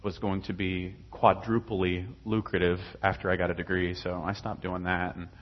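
A husky young man with a lowish voice talks casually through his own faith story. He rambles, restarts and fills pauses with ums. The recording sounds dull and lo-fi. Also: little pitch movement. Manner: rambling, many fillers and restarts. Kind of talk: casual personal testimony.

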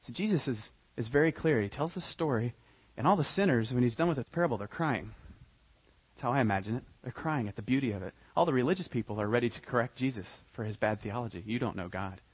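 Husky, animated male preacher. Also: medium pitch, quick pace. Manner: animated storytelling, dramatic emphasis. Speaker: pastor. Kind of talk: sermon. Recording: dull lo-fi recording.

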